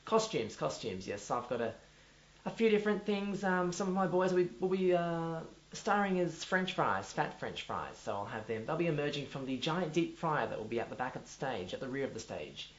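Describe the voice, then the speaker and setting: This man speaks at a fairly high pitch and a normal pace, sounding very animated. With an Australian accent, he plays a pompous, self-important drama teacher who rambles and keeps restarting in a mockumentary comedy. The lo-fi audio is dull, recorded in an echoey room with faint music behind him.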